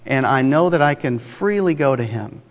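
A man's voice: mid-range voice, lively intonation, normal speed. A man preaching a sermon in a conversational, emphatic way, with rhetorical asides to the congregation. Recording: long hall reverb.

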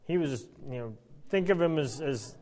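Male Bible teacher, conversational and wry, lots of restarts; slightly high voice, reverberant hall. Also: moderate pace. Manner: animated, stammering restarts, wry asides.

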